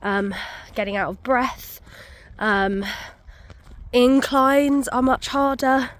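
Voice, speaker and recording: A woman's voice: fairly high pitch, slow. A young woman, out of breath, chatting casually to camera on a muddy country walk with many ums. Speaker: vlogger. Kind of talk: casual walking vlog.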